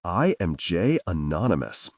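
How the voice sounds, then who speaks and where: A man's voice: sits low, big pitch swings, unhurried, slightly rough, no echo, clean studio sound. A man narrating a thriller audiobook in the first person, with a sardonic, obsessive inner-monologue manner.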